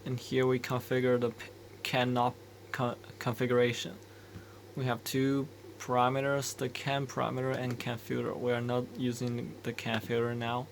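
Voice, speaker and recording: A man's voice: medium pitch, completely flat delivery, normal speed, creaky, a little hiss or hum. A man explaining microcontroller code step by step, thinking aloud with hesitant restarts. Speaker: embedded developer explaining code. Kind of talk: screen-recorded coding walkthrough.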